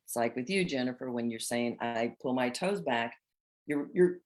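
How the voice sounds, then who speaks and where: Host, female, 60s, low voice, expressive spiritual coach talk. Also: moderate pace. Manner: expressive, acts out inner voices with laughter. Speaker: host of a women's group chat.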